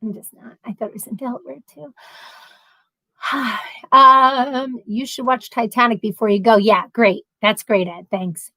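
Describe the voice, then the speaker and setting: A middle-aged woman hosts a casual livestream, chatting animatedly as she reads out viewer comments. Her voice sits on the higher side, and the sound is dry and close with little room echo. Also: measured pace. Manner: chatty and animated, laughs often.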